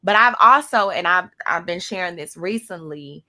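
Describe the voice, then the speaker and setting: A woman's voice: lowish voice, expressive, moderate pace, bright, forceful tone. A woman hosting a radio talk show, speaking earnestly about faith and hard times, often restarting her sentences. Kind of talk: casual talk show discussion.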